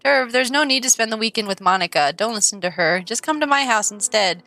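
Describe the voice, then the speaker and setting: A woman voicing a shy teenage girl in a game who grows possessive and intense, read in a soft, creeping way. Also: fairly high pitch, expressive, fairly quick, no room sound, rough recording. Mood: obsessive.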